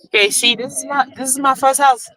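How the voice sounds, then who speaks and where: A woman, a real estate coach chatting emotionally on a live stream, excited as she talks. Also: high-pitched, brisk, a little hiss or hum, rough recording. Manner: excited, emotional, switching into French.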